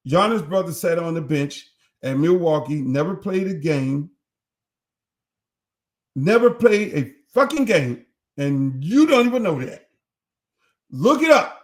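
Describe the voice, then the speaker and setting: An older man hosting a profane, animated commentary monologue, acting out other people's voices as he tells the story. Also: on the high side, moderate pace. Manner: animated, acts out others' voices, heavy cursing. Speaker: host.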